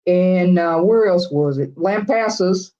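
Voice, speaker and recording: A woman's voice: lowish voice, slow, mellow, lo-fi sound. A middle-aged woman with a Texas accent chatting casually with live viewers, rambling from one thought to the next. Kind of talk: casual live-stream chat.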